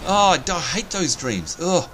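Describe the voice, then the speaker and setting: A man's voice: fairly high pitch, sing-song, moderate pace, a bit bright, slight background noise. A man hosting a let's play, chatting through gameplay and panicking and yelping when he is scared. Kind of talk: gaming commentary.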